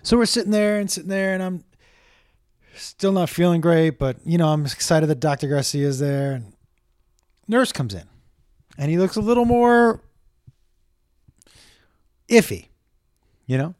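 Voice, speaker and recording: A middle-aged man telling a profane, animated comic story in a stand-up style. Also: on the high side, measured pace, pauses often, smooth, dry recording, studio quality. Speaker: comedian.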